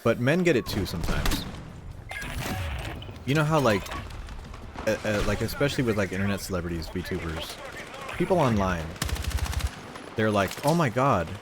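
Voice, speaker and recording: A man's voice: on the low side, animated, moderate pace, long pauses, background noise. A young American man chatting casually on a game stream, rambling with lots of fillers and swearing. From United States. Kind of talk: casual gaming stream chat. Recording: game gunfire loud behind voice. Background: gunfire and game sounds.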